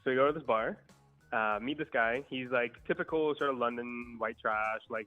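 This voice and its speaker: A young man, a guest storyteller on a podcast, casually relates a long, profane party story, laid-back and swearing freely. His voice is medium in pitch and narrow, and the audio sounds tinny.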